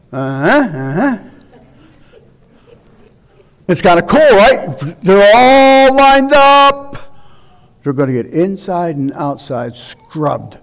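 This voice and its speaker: A man with a high-pitched voice preaches to a congregation as a visiting minister. He reads scripture in a measured way, then pushes his points with emphatic, urgent exhortation. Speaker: guest preacher. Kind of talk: sermon with scripture reading.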